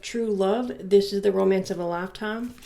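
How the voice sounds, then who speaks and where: A woman's voice: mid-range voice, normal speed, creaky, warm tone. A woman giving a casual tarot reading, reading card messages aloud and musing and joking between them. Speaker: tarot reader.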